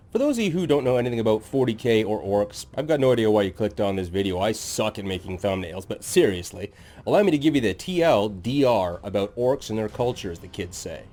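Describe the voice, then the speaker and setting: A man's voice: fairly low pitch, very animated, brisk, warm tone. A man hosting his own channel, narrating scripted lore in a sardonic, jokey, self-deprecating way.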